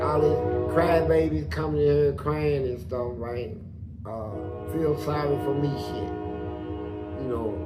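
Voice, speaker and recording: A man's voice: on the high side, echoey room. Blunt profane man telling prison stories. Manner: blunt, profane, vivid sound words. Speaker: storyteller guest. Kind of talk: animated prison storytelling.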